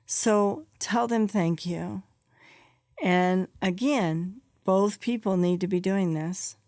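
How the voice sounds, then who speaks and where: A woman's voice: lowish voice, a little mellow, dry recording, studio quality. A woman podcast host and psychologist giving direct, practical advice, stressing her key points and checking in with "okay?". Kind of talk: advice monologue.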